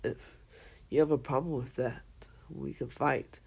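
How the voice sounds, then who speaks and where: A man voicing a cocky, dismissive teenage boy ninja in a fan-made story, speaking slowly and offhandedly. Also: medium pitch, steady tone, gravelly, darkish tone, slightly rough.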